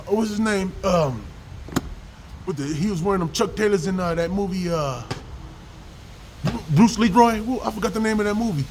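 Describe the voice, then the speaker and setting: A man's voice: high-pitched, a little hiss or hum, poor audio. A man giving a rambling, profane religious rant to camera, mixing slang with scripture readings. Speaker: vlogger preaching on scripture.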